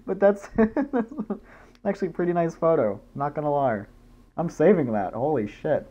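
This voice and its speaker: A man's voice: fairly high pitch, normal speed, highs cut off. A young man, a gaming YouTuber, rambling goofily in casual commentary while he plays. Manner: goofy, rambling, jumps into silly voices.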